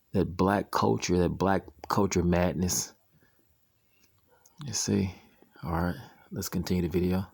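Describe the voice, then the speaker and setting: Low gravelly man reading scripture. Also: a little mellow, dry recording. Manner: slow deliberate reading, keeps asking "you see?". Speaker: preacher commenting on a video.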